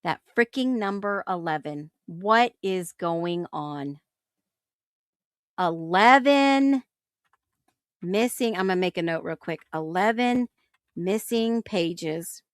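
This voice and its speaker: A woman's voice: fairly low pitch, lively intonation, slow, smooth, no room sound, studio quality. A woman hosting a talk show, thinking aloud in casual commentary and reacting with incredulous exclamations. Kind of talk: casual commentary on case documents.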